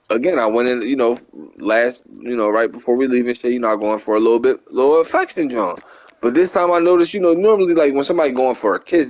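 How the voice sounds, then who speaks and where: A young man with a Philadelphia accent, casually telling a long profane story while gaming, rambling and animated, often asking "you get what I'm saying". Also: medium pitch. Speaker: gaming channel host. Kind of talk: casual storytelling over gameplay.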